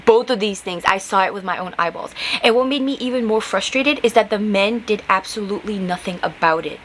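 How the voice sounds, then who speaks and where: Young woman host, casual exasperated monologue, mid-pitched, faint background hiss. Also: fairly quick, a bit bright, rough recording. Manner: heated, exasperated, many fillers and rhetorical questions. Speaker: podcast host.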